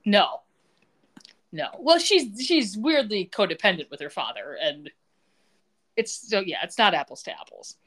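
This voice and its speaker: Woman retelling a tv episode, animated, bounces between character voices. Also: medium pitch, unhurried, pauses often. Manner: animated retelling, acting out characters' lines with laughs. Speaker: podcast co-host recapping a TV episode. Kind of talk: casual recap chat.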